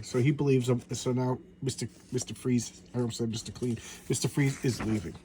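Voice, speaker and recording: A man's voice: mid-range voice, steady tone, fairly quick, hardly any pauses, mellow, a little hiss or hum. A man chatting casually while reviewing a comic book, rambling and often tripping over his words and names.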